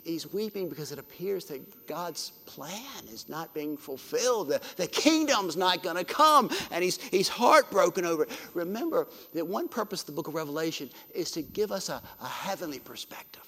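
A man preaching a sermon with a slightly raised voice. He swings from ringing emphasis to hushed, drawn-out phrases, and his words trail off in the long reverb of a large hall. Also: a little high. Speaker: pastor.

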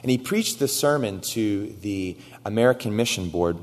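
A man's voice: fairly low pitch, lively intonation, moderate pace, a little mellow. A man preaching a sermon, telling a story with quoted dialogue and building to emphatic exhortation. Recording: long hall reverb.

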